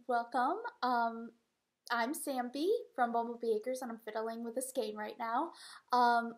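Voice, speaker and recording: Woman, high voice, casual rambling farm vlogger, self-deprecating, lots of ums. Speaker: fiber farm owner and podcast host. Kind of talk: casual vlog chat.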